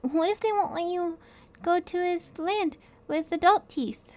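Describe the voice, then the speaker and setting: Give me a woman playing a high-voiced, slow-talking little girl, earnest and pleading. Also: darkish tone. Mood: chatty. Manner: chatty, earnest, childlike pleading. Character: small anxious little sister, a young girl.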